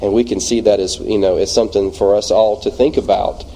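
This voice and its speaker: A man with a Louisiana Southern US accent leading an informal church Bible study, talking in a halting way with many fillers and restarts. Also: lowish voice, steady tone, warm tone, poor audio.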